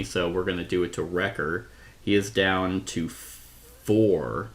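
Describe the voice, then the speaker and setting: A man's voice: sits low, a bit bright. A man playing a solo card game on his own, thinking aloud as he goes, reading card text and correcting himself along the way. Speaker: board game reviewer. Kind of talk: solo tabletop playthrough.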